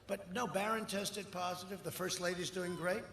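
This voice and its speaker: An older man speaking at a campaign rally, rambling and boastful, swinging between shouted lines and muttered asides. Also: high voice, steady tone, moderate pace, gravelly. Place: outdoor rally. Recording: echoey outdoor rally with long reverb and faint crowd noise.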